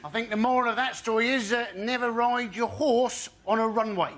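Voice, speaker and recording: A man delivering a quick, dry observational stand-up bit. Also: very high-pitched, fairly even intonation. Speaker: comedian. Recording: studio with loud audience noise.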